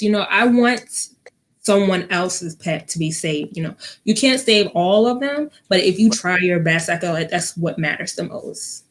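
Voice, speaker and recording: A woman's voice: on the low side, unhurried, fairly bright tone. A young woman, a vet tech guest, telling a personal story in a casual interview with lots of ums and acted-out quotes. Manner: many fillers, acts out quoted speech.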